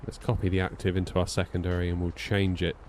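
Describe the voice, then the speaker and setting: Chatty man, low voice. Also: monotone, quick pace, darkish tone, a little hiss or hum. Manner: chatty, thinks aloud and answers his chat. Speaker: streamer. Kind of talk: casual live-stream chat while flying.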